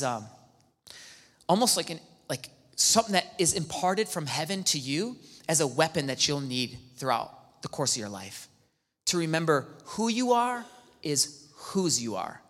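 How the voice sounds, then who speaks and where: Excitable pastor preaching in a reverberant hall. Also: male voice, a little high, normal speed. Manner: excitable, swings from hushed to near-shouting; acts out quoted dialogue in the talk. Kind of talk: sermon. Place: church hall.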